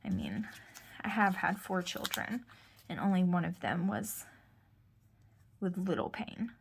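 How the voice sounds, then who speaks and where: A woman's voice: lowish voice, a little slow, gravelly, a little hiss or hum. A woman in her thirties, a mother chatting casually and rambling to her viewers as she vlogs. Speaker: vlogger. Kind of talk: casual chat.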